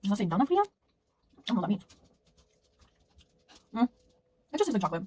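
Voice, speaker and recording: A woman's voice: mid-range voice, sing-song, a little fast, a little mellow, husky. Chatty woman vlogger giving blunt opinions. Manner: chatty and opinionated, lots of ums and likes. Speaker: book vlogger. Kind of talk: casual taste-test chat.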